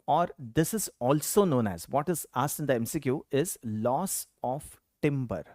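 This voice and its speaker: Lecturer drilling exam facts: animated intonation, quizzes then answers, dry recording. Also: medium pitch, a little slow, no room sound. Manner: quizzes students with questions and answers them himself; repeats key terms for emphasis. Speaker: teacher. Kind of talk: exam-prep anatomy lecture.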